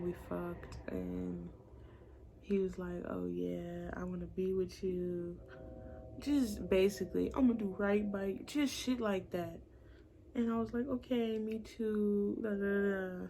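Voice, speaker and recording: A young woman gives a casual storytime vlog in a medium-pitched, gravelly voice. She is blunt and profane and acts out the voices of the people she quotes. A faint hiss of noise sits behind her. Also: dark tone.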